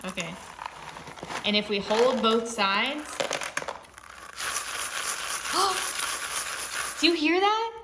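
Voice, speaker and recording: Slow, gentle woman hosting a toddler lesson. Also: fairly high pitch, sing-song. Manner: gentle, slow, sing-song teacher talk. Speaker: children's show host. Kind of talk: early-learning lesson for toddlers. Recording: echoey room with background noise.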